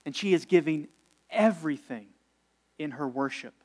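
A man with a fairly high voice preaching a sermon. He talks to the congregation in a relaxed, conversational way, with ums and slow, deliberate pauses on key words. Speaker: pastor.

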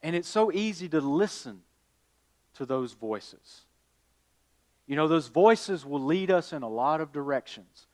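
Slow-preaching pastor, man. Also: fairly high pitch, animated. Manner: preaching, rising to emphatic calls then dropping quiet; addresses listeners as y'all. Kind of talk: sermon.

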